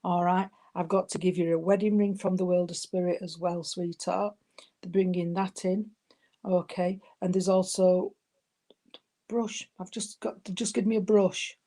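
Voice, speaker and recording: A woman's voice: lowish voice, little pitch movement, moderate pace. A woman medium passing on spirit messages at a service, calling people love and sweetheart. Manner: warm terms of endearment, giving messages. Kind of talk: spiritualist demonstration.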